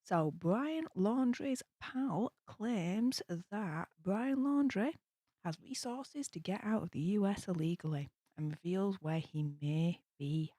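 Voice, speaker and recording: A British woman hosting a live stream at night, talking low and quietly but bubbly and gushing. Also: no echo, studio quality. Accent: British English. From United Kingdom. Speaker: livestream host. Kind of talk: casual live-stream chat, hushed. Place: home room at night.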